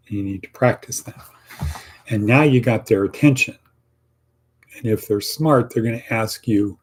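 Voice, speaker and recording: A middle-aged man leads a casual class in a low, husky, mellow voice. He coaches by acting out sample answers and repeats key lines for emphasis. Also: a little slow. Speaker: teacher of a career class. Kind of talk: casual online lesson.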